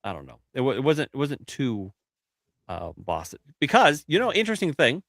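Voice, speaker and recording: A man with a sharp, forceful voice hosts a laid-back chat. He rambles through his story, restarting sentences and filling the gaps with "uh". The sound is close and dry. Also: mid-range voice, huge pitch swings, moderate pace, gravelly, no room sound. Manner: rambling, many restarts and fillers. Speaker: host. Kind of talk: casual chat.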